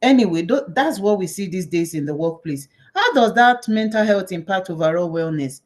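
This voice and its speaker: A woman from Nigeria, moderating a panel and telling self-mocking stories in a lively way. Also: fairly low pitch, normal speed. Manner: animated, self-mocking storyteller. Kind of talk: conversational panel facilitation.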